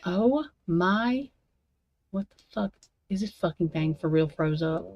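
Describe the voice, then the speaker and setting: A woman's voice: fairly low pitch, expressive, takes it slowly, no room sound, dull audio. A woman, hosting a livestream and ranting to her viewers, profane and fired up. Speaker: true crime livestream host. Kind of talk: angry unscripted rant to viewers.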